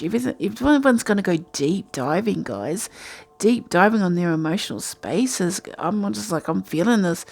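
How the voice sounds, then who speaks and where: A woman's voice: mid-range voice, creaky, darkish tone. A woman giving a casual, rambling tarot reading from home at night, talking in a chatty, intuitive way. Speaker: tarot reader.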